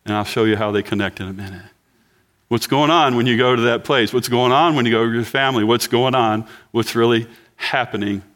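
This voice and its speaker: A man in his sixties gives a sermon in a church at an easy, talky pace. He jokes with the congregation and asks them questions, and his voice sits in a middle pitch. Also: fairly quick, a bit bright. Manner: conversational, joking with the congregation. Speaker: pastor.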